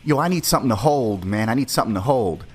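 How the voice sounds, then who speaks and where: A man's voice: mid-range voice, expressive, fast, husky. A man doing a pushy young street robber. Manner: curt street slang, insistent.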